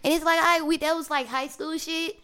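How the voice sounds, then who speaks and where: Bright, lively high-voiced woman. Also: a little fast. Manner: laughing, reactive, expressive. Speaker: podcast co-host. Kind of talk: casual chat.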